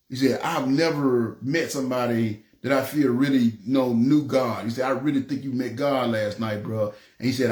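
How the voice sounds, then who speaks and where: A preacher from North Memphis with a Memphis Southern accent, telling his testimony in an animated way and acting out the voices he quotes. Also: medium pitch, roomy sound. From North Memphis, USA. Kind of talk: testimony storytelling.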